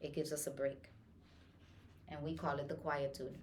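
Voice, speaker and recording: A woman's voice: low voice, little pitch movement, normal speed, slight background noise. A woman who attends births, teaching the stages of labor in an earnest, reassuring way and often checking in with "okay?". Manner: earnest, reassuring, repeats key points with "okay?". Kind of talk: teaching talk on childbirth.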